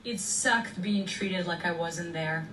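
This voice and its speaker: A woman's voice: on the low side, slow. A woman talking candidly to camera, reflective and self-deprecating. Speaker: social media creator. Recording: roomy, distant, faint noise.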